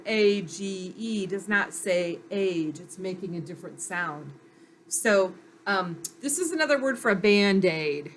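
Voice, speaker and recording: A woman's voice: mid-range voice, a little hiss or hum. A woman teacher giving a patient phonics lesson to young children, sounding out letters and praising them.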